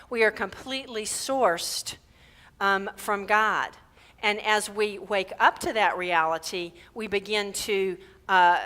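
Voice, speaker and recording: A woman minister giving a conversational sermon at a church service. She keeps checking in with listeners with "right?" and leads slow, drawn-out group affirmations. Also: medium pitch, pushed and bright.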